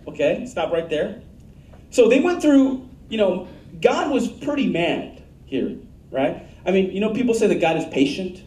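Pastor, male, high-voiced, mellow tone, blunt emphatic sermon delivery, roomy church sound from off-mic. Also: recorded from a distance. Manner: blunt, emphatic preaching with asked-for audience answers.

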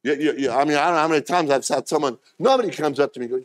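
A man preaching a sermon as pastor, telling stories and acting out quoted voices with sudden jumps in pitch. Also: very fast, hardly any pauses.

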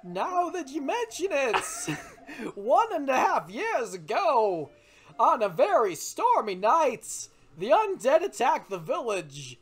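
A man doing a comedic celebrity impression as a male townsman in a video game, with slow, oddly paused delivery. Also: very high-pitched, wildly swooping pitch, husky, pitched above the performer's own voice, exaggerated voice. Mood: deadpan drawl. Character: male townsman NPC, halting Christopher Walken impression. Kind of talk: comedic game let's-play voice acting.

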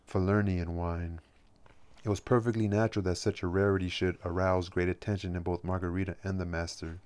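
A man reading a novel aloud as an audiobook narrator, at a measured, steady pace. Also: deep voice. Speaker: audiobook reader.

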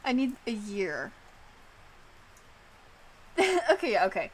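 A woman streamer chatting casually, animated and swearing, filling her talk with "like.". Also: a little high, slow, pauses often. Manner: animated, swearing, heavy use of "like".

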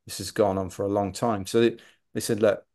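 A middle-aged man, a podcast guest, telling a running anecdote with animated self-deprecating humour. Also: fairly low pitch, a little fast. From Wales. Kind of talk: anecdotal storytelling.

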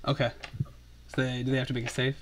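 A man narrating as game master, chatty and animated. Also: mid-range voice, fast, slight background noise.

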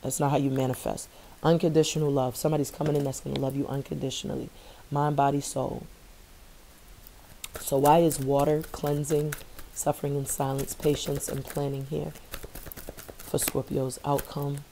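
Low, flat-voiced woman tarot reader. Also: normal speed, creaky, a little hiss or hum. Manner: earnest, affirming, repeats phrases for emphasis. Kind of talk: spiritual tarot reading.

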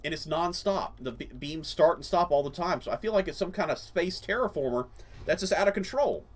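A man's voice: fairly high pitch, lively intonation, a little fast. A man hosting a gaming channel, rambling through casual let's-play commentary with many fillers. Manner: rambling, lots of fillers and laughs.

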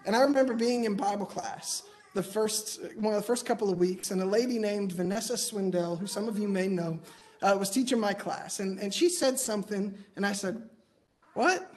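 A man's voice: high-pitched, a little fast, a little mellow. A man preaching in church, telling personal stories with light humor in a conversational way. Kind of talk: sermon. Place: church auditorium.

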